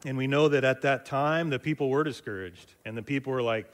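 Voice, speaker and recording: A man's voice: medium pitch, quick pace, hardly any pauses. Casual male Bible teacher. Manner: conversational, retelling with fillers and asides.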